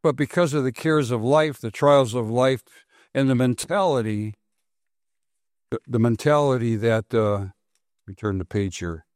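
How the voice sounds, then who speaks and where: A man preaching a sermon, his voice sitting at an ordinary middle pitch. He repeats key phrases for weight and turns questions out to the congregation. The sound is dry and close, with no room echo. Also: unhurried, pauses often, darkish tone. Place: congregation hall.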